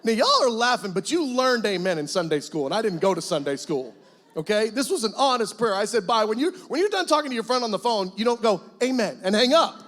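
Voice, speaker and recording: Guy pastor telling his story to church, kinda high voice, jokey and animated. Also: fast. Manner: animated storytelling, acts out his past self, jokes with the congregation. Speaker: guest pastor. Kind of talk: sermon testimony.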